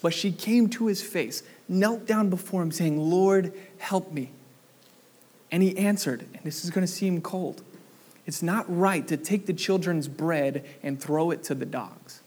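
Young male pastor preaching, lively and engaging, pitched a bit high. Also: moderate pace, husky. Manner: animated, asks the congregation questions. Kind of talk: sermon.

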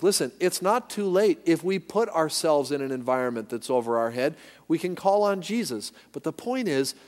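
Emphatic preacher in an echoing hall. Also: male voice, on the high side, a little mellow. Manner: emphatic, leads call-and-response. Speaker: pastor. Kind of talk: sermon. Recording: echoey hall reverb.

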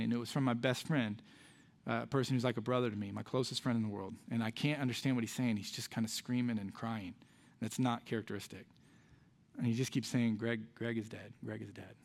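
Earnest Midwestern pastor preaching. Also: male voice, medium pitch. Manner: earnest, conversational storytelling with emotional dips to soft quiet lines. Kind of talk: sermon with personal story. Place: church sanctuary.

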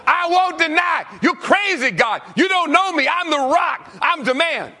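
A brash, proud young disciple boasts at the top of his lungs, his voice jumping high and bright, as a preacher acts him out in a sermon. The tone is husky and forceful, full of swagger. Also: animated, brisk, exaggerated voice. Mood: boastful. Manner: cocky, bragging, shouting.

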